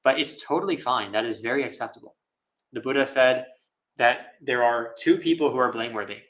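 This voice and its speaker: A male Buddhist monk with a bright, clear voice gives an easygoing live question-and-answer talk. He speaks thoughtfully, laughs often and pads his phrases with fillers. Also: medium pitch, fairly quick, low-quality recording.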